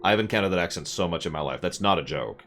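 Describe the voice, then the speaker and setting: A man streaming a video game, rambling and joking as he plays, often jumping into high mock voices. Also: lively intonation, fast, fairly bright tone, faint music behind. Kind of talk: casual gameplay commentary.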